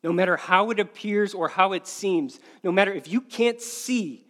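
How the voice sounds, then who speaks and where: A male pastor preaching a sermon, earnest and repeating key phrases for emphasis, often slowing to a quiet stress. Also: sits high.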